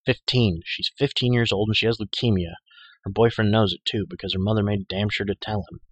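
A man reading an audiobook, voicing a tough, sharp-tongued young woman with a defiant, snarling delivery. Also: lowish voice, fairly even intonation, a little fast, breathy edge, no room sound. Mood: angry.

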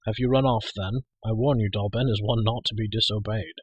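A weathered, wise warrior prince from a storybook, measured and gently commanding, as a man reads him aloud. The voice is low and husky, and it sounds dry and close. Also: steady tone, no echo, dull audio. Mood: amused.

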